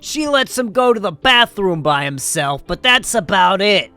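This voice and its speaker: A man's voice: high voice, sing-song, clear, resonant tone, faint music behind, pitched above the performer's own voice, full character voice. A man doing an impression of a ranting older male politician in a shaky, put-on New York accent, drawn out and indignant. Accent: New York, put on and drifting. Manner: loud, drawn-out, wavering fake accent.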